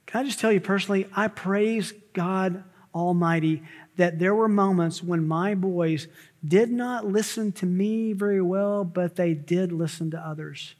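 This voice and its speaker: High-voiced preaching man in reverb. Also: a little mellow. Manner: emphatic preaching with rising exclamations and quick asides. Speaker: pastor. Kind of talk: sermon. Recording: long hall reverb.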